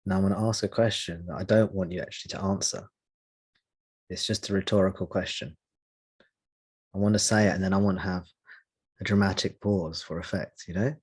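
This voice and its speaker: A man leading a spiritual meeting, answering a question in a slow, reflective way with long pauses. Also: low voice, fairly even intonation, breathy edge. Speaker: satsang teacher.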